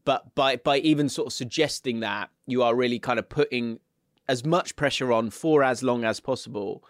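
A man's voice: mid-range voice, normal speed, dry recording, studio quality. A man co-hosting a football podcast, talking in a rambling, hedging way and teasing his co-host. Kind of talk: casual chat.

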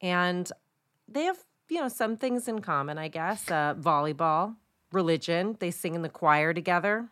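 Chatty woman co-hosting, low voice. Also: animated, moderate pace, a bit bright, no room sound, studio quality. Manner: laughs often, chatty and tangent-prone. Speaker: podcast co-host. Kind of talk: casual true-crime chat.

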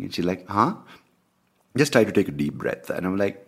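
A man hosting a podcast, telling a personal story in a candid, animated way with plenty of swearing. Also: low-pitched, a little fast. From India. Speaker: podcast host. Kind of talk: casual ranting monologue.

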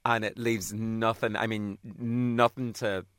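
A man's voice: fairly low pitch, little pitch movement, takes it slowly, a bit bright, clear, resonant tone, dry recording, studio quality. A man co-hosting a podcast in camp, giggly, teasing casual chat. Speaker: podcast co-host.

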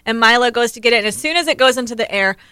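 American woman, bright clear voice, higher pitch, dry close sound, animated storyteller, casual podcast. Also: racing, no room sound. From United States. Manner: animated storyteller, laughs often. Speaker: co-host.

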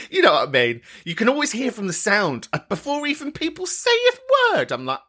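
A man's voice: sits high, wildly swooping pitch, moderate pace, bright, forceful tone. A man hosting a podcast in a camp, chatty, sweary style, laughing often. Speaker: podcast host. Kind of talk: casual chat.

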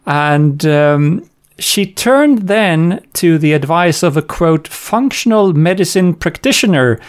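A man's voice: on the high side, expressive, takes it slowly, clear, resonant tone. A man co-hosting a casual podcast, telling a story wryly with many fillers and chuckles. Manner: wry, chuckling, hesitant with fillers. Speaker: podcast co-host. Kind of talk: casual chat.

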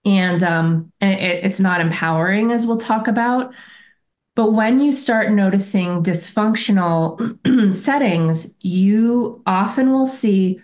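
A woman with a slow, slightly mellow mid-range voice tells a personal story as a guest on a podcast interview. She's reflective and earnest, often correcting herself and restarting sentences as she goes.

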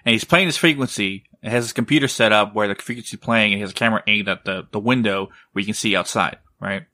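A man's voice: on the low side, fast talker, pushed and bright, no room sound. A man co-hosting a podcast who tells a story in a rambling, casual way, swearing often and checking in with "right?". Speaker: podcast co-host.

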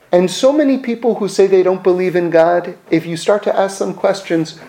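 A man's voice: high-pitched, moderate pace, hardly any pauses, mellow, poor audio. A man teaching in casual conversation, who repeats key phrases for emphasis and acts out the voices of the people he describes.

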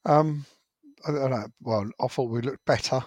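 Male co-host, hesitant and halting, ordinary pitch, dry sound. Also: a little mellow, no room sound. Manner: hesitant, halting, with many restarts. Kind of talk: casual chat.

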